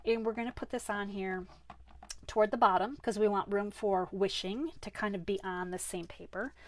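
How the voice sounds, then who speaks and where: Woman running a live card class, chatty, laughs at her own goofs, medium pitch. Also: steady tone, normal speed. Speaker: crafting class host. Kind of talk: live card-making demonstration.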